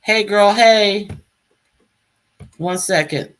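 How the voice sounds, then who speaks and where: A woman's voice: medium pitch, very slow. Chatty woman hosting a live stream. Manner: chatty, calls out guests by name. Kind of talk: casual live chat.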